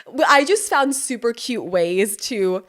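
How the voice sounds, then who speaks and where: A young woman hosting a podcast, telling a personal story in a casual, animated way, laughing often, swearing freely and acting out what others said. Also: a little high, a little slow. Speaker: podcast host.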